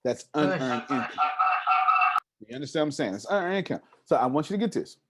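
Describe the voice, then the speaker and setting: Animated man preaching to a room. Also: mid-range voice, fast, heavy background noise. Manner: emphatic, preacher-like repetition and questions to the audience. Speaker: motivational speaker. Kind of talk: live seminar talk.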